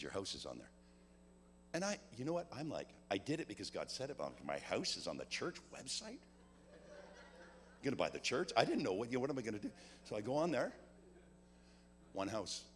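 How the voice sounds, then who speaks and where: A man preaching at a church service. He tells a personal story, acts out each side of the dialogue, and builds to a loud call to give. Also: fairly low pitch. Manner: builds to a loud exhortation about giving. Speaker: guest preacher. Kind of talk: sermon with a personal testimony. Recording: long hall reverb with a faint hum.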